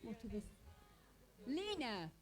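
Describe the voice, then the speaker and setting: A woman's voice: fairly high pitch, sing-song, slow, poor audio. A woman from Pakistan teaching a hospital volunteer workshop, talking conversationally and quizzing the group in a training room.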